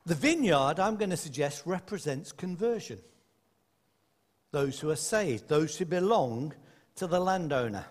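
A man delivers a sermon in a high, animated voice that rises and falls constantly. He talks to his congregation in a conversational way and drops in playful asides. His voice rings with a long reverb in a large hall. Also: moderate pace. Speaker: preacher. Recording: echoey hall.

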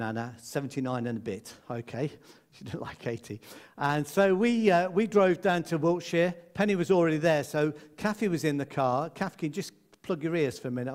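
A man giving a chatty, jokey Christmas sermon as a preacher, laughing often as he talks. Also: on the high side.

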